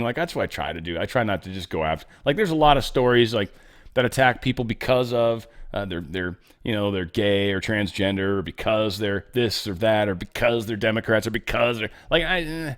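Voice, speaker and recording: A man's voice: mid-range voice, animated, fairly quick, a bit bright. A man hosting casual political commentary, rambling, profane and sarcastic, with mocking asides.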